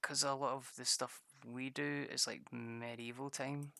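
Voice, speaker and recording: Casual streamer, bright voice, dry close sound, loose rambling chat with plenty of swearing. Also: mid-range voice, level tone, measured pace, gravelly, no echo. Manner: rambling, self-mocking, swears freely; laughs often. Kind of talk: casual livestream chat while drawing maps.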